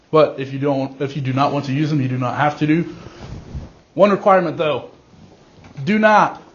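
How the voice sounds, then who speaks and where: A male teacher giving a class directions, leaning on key words slowly for emphasis, recorded in a classroom. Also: fairly high pitch, dull audio. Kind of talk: classroom instruction.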